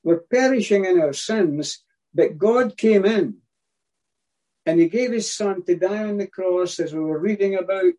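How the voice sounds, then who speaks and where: A man's voice: high-pitched, unhurried, dark tone, poor audio. A man preaching a sermon, emphatic and repeating his key phrases.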